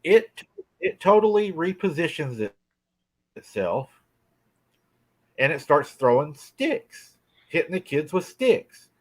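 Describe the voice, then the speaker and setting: A man's voice: on the high side, sing-song, takes it slowly, long pauses. A middle-aged man in a folksy, drawling way tells a casual story about a strange night by the lake. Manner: folksy, drawling, laughs often. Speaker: guest telling a cryptid encounter. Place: rural farm home.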